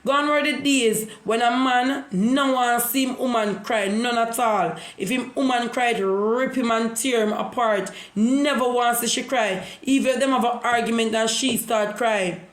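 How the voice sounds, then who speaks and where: A woman's voice: a little high, steady tone, a little slow, few pauses. Jamaican woman vlogger, repeats herself as she preaches, recorded in a room with echo. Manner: repetitive, preachy storytelling. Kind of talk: casual monologue.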